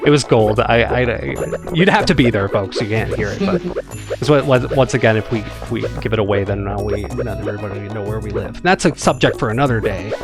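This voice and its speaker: A man's voice: on the low side, brisk. A man with a Midwestern American accent, chatting casually and reflectively while playing a game, hedging and restarting his sentences. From United States. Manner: rambling and reflective, full of hedges and restarts. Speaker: co-host, gamer. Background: game music.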